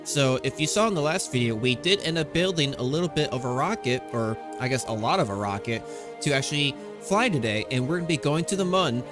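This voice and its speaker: A man hosts his gaming channel and chats his way through a space game, correcting himself as he goes. His voice sits at an ordinary middle pitch, close to a desktop microphone. Quiet music plays underneath. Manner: chatty, rambling, self-correcting. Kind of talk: casual gameplay commentary.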